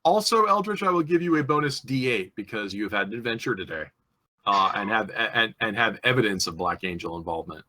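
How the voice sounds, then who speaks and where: A man's voice: fairly low pitch, expressive, a little fast, pushed and bright. A man running a tabletop game as game master, explaining rules with frequent fillers and restarts.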